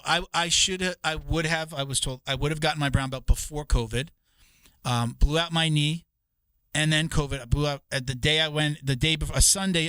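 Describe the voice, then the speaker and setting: A man's voice: fairly high pitch, pushed and bright, smooth, dry recording. A man co-hosting a podcast, talking casually and rambling, swearing and restarting his sentences often. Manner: rambling, profane, with many restarts.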